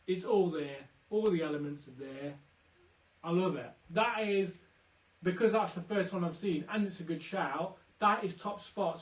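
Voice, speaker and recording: Male quiz host, bright and chatty, high voice, roomy off-mic sound. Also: far from the mic. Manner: chatty, upbeat, teasing shout-outs. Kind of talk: live-streamed quiz banter. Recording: roomy, off-mic, faint music.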